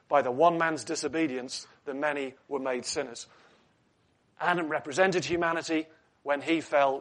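A man's voice: fairly high pitch, fairly bright tone. A man preaching a sermon in an earnest teaching tone, asking rhetorical questions and adding light asides.

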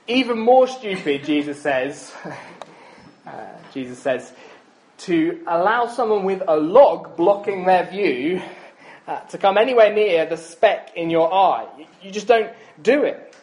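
A man's voice: high-pitched, animated, measured pace, darkish tone, a little hiss or hum, rough recording. A man in his thirties preaching a sermon in a chatty, self-deprecating way, with frequent ums and asides.

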